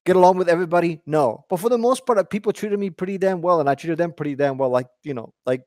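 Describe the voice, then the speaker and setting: A man with a somewhat high voice argues his point in a casual podcast chat. He rambles and restarts his sentences. The sound is close and dry, with no room around it. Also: fast talker, a little mellow, no echo. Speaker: podcast guest.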